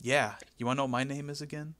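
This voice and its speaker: A man's voice: mid-range voice, steady tone, quick pace, a bit bright, no room sound, lightly acted. A man putting on a smug male wrestling manager with a showy mock Spanish accent. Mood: boastful.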